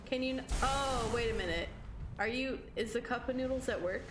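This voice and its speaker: On the high side and at normal speed, a young woman's voice comes through background noise as she streams a game. Her casual chat with viewers is giggly and full of free swearing.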